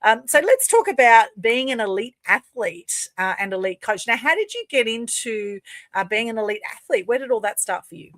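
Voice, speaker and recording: A woman's voice: a little high, lively intonation, moderate pace, fairly bright tone, no room sound. A woman hosting an online interview show, chatty and enthusiastic. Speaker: host.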